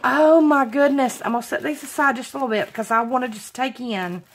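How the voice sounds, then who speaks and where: A woman's voice: a little high, fast, pushed and bright. A woman from Alabama, chatting giddily and gushing as she unboxes craft supplies. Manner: gushing, giddy, laughs often, apologetic. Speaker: craft vlogger. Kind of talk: unboxing vlog chat.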